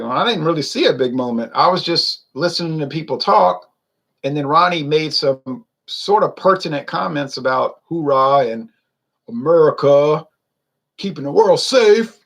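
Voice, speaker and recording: A man on his beer review channel rants with heat and sarcasm, his voice a touch higher than most men's. A gravelly fry runs under his words. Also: normal speed, fairly bright tone. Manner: ranting, heated and sarcastic. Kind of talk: casual on-camera rant.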